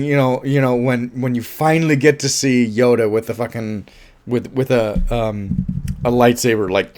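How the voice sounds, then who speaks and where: A man casually reviewing a film, animated and laughing often, with offhand swearing. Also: medium pitch, slow pace, long pauses. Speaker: movie reviewer.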